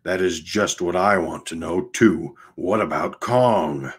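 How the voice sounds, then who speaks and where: A man reading aloud and voicing a boisterous, pushy male film producer who booms his lines. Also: takes it slowly, slightly rough, heavily acted. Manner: loud, booming exclamations.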